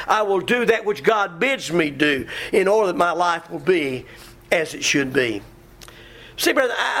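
A middle-aged man preaching a sermon in a folksy, emphatic way, quoting scripture and acting out his listeners. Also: high-pitched. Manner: folksy, emphatic, mimics congregants with shouts.

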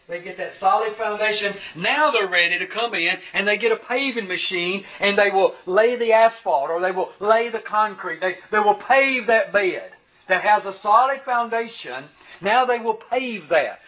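Older guy preaching, high bright voice, earnest, stumbles over words, muffled lo-fi sound. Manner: earnest, stumbling restarts, rising to emphatic peaks. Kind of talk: sermon. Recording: dull lo-fi recording.

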